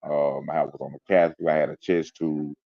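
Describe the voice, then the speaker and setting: A man's voice: rumbling low, little pitch movement, brisk, creaky, no room sound, dull audio. A man telling a personal story in an interview, in an intense, emphatic way, sometimes mimicking sounds. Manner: intense, emphatic retelling with spoken sound effects. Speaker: interview guest. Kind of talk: personal storytelling in casual chat.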